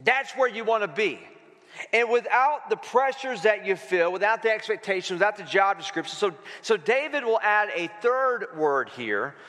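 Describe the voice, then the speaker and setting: A man with a high, bright voice preaches to his church in a loose, conversational way. He jokes and calls on the congregation to answer back. His voice rings with a long hall reverb. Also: animated, normal speed. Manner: conversational, playful preaching with call-and-response. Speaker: pastor. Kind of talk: sermon. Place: church sanctuary.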